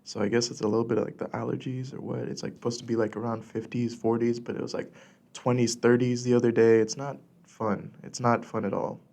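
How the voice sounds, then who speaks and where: A young man from California hosting a casual solo podcast, rambling with lots of fillers and restarts, a little congested and clearing his throat. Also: medium pitch, level tone, fairly quick, darkish tone. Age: young adult. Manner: rambling, filler-heavy with many likes and restarts. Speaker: podcast host. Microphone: studio podcast mic.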